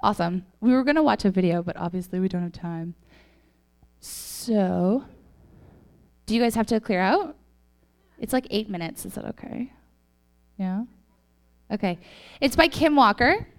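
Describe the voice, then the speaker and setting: A woman's voice: medium pitch, lively intonation, measured pace, pauses often. A woman leading a youth group with a casual faith talk, chatty and full of "like" and "right?".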